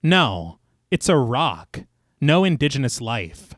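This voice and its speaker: Taking it slowly, a podcast co-host with a sing-song, slightly bright voice narrates a scripted film recap in a dry, studio-quality recording. He tells it dramatically with casual asides, voices movie quotes low, and laughs at his own jokes.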